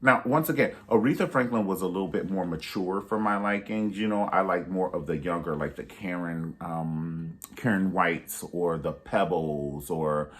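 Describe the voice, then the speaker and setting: A man in his thirties hosting a casual review vlog, telling stories with animated energy and jumping into high voices to act out quotes. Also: normal speed, hardly any pauses. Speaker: YouTube reviewer.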